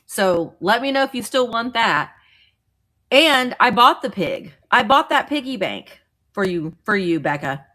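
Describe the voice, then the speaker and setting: A woman's voice: fairly high pitch, expressive, unhurried, sharp tone. Chatty woman, livestream host, loose rambling talk with viewers. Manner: chatty, greets viewers by name, rambling with restarts. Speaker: vintage seller livestream host. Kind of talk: casual livestream chat.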